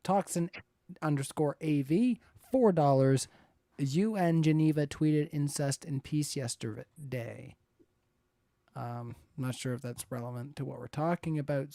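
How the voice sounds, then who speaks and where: A man's voice: fairly high pitch, measured pace, warm tone, no echo, studio quality. A man hosting a live-stream debate, reading viewer messages aloud and laughing often. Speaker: debate moderator reading donations. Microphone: close to the mic.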